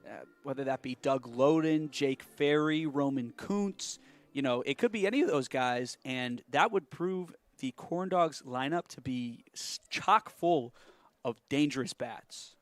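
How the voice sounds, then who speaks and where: A man's voice: medium pitch, measured pace, no room sound. Easygoing baseball color commentator man. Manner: relaxed, easygoing, says "you know" often.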